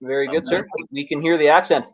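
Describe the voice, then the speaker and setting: A Canadian man hosting a pool tournament livestream, relaxed and joking, with many fillers. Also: on the high side, fast, dry recording, highs cut off. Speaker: tournament host. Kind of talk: livestream commentary.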